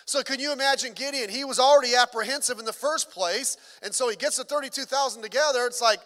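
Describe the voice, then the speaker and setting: A man's voice: very high-pitched, fast, hardly any pauses, bright, forceful tone, big-room sound. A middle-aged man, a pastor, preaching a sermon in a conversational way with joking asides.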